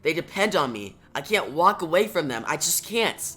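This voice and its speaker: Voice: medium pitch, big pitch swings, normal speed, pitched below the performer's own voice. A reviewer reading a proud worried mother. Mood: pleading. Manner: read out plainly, soft and hesitant.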